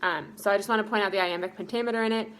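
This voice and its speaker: A woman's voice: medium pitch, steady tone, rapid-fire, a bit bright, slight background noise. A young woman with an American accent teaching a class, upbeat and explaining step by step with frequent ums. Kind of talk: recorded class lesson.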